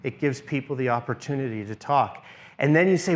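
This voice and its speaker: A middle-aged man presenting a church workshop in a conversational teaching style. He often checks in with the group and drops into a soft, low voice to model what to say. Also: lively intonation, fairly quick.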